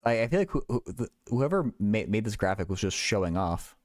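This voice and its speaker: A man's voice: lowish voice, very animated, fairly quick, no room sound, studio quality. A young man hosting a casual livestream, thinking aloud in a rambling way with many stammered restarts. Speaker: livestream host.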